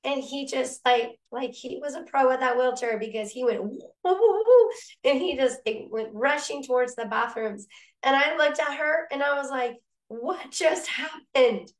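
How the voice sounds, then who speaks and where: As a podcast guest, a woman tells a personal faith story in a casual, animated way, acting out the voices of people in it. Her voice sits high, and she speaks at a moderate pace.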